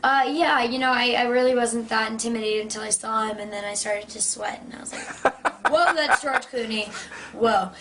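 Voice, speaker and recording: Excited woman interviewee, fairly high, noisy recording. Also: fairly quick. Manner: excited, laughing storyteller.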